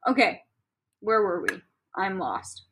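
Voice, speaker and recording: A young woman co-hosting a casual podcast, reading a fan story aloud with animated, exasperated commentary and frequent swearing. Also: medium pitch, slow pace, breathy edge. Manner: animated, exasperated, swears freely, bursts into laughter.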